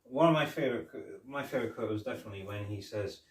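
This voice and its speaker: A man's voice: lowish voice, quick pace. A man co-hosting a podcast, casually retelling favourite scenes and quoting the characters. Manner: chatty, retells scenes with quoted lines. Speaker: podcast co-host. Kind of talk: casual chat reviewing a TV episode. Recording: roomy, distant mic.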